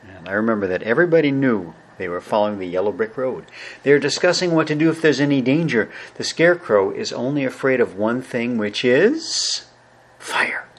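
Husky-voiced pastor reading a story aloud. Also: male voice, medium pitch, lively intonation, quick pace. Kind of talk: sermon reading a children's story. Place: studio.

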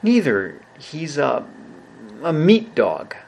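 A man's voice: huge pitch swings, takes it slowly, creaky, darkish tone, full character voice. Dorothy, a man putting on a bold little girl. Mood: earnest. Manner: scolding, high and earnest. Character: indignant brave little girl.

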